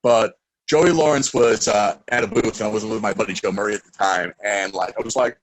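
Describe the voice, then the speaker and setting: A young man, a guest in a casual interview, telling stories excitedly and acting out quotes loudly. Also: fairly low pitch, a little fast, poor audio.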